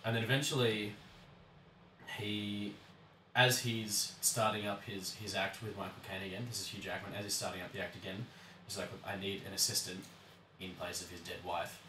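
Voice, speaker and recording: A laid-back young man with a lowish voice fills in story details in casual chat. He sounds off-mic, in a roomy, echoey space with faint background noise. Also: level tone, moderate pace, sharp tone, recorded from a distance. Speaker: podcast co-host.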